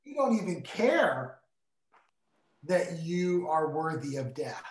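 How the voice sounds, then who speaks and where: A man's voice: fairly high pitch, very animated, takes it slowly. A middle-aged man teaching in a casual Bible discussion, earnest and emphatic like a preacher. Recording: roomy echo.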